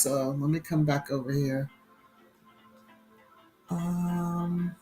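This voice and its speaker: Slow, chatty woman hosting a live stream. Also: sits low. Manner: greets viewers by name between asides, chatty and relaxed. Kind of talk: casual live-stream chat.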